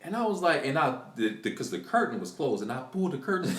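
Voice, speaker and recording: A man on a live stream tells a story in a lively, swooping voice, full of restarts and voices for the people in it. His talk bounces around an echoey room. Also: a little high, fast talker. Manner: animated, excited retelling with restarts and acted quotes. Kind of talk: casual storytelling to viewers. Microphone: computer mic on a live stream.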